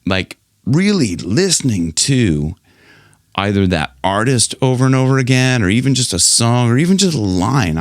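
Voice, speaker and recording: A man's voice: fairly low pitch, no echo, clean studio sound. A man working as a vocal coach, teaching a singing lesson in a friendly, explanatory way and laughing often.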